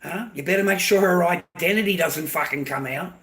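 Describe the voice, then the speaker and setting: A man's voice: sits high, brisk, sharp tone. A man with an Australian accent, delivering a heated, profane and confrontational rant to camera, often repeating himself. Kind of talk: angry ranting monologue to camera.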